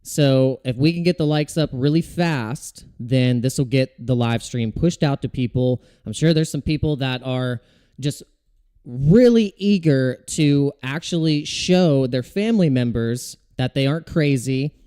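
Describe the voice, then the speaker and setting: Mellow-voiced man hosting a livestream. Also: medium pitch, unhurried, clean tone. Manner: relaxed and rambling, with frequent chuckles. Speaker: crypto livestream host. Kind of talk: casual livestream chat.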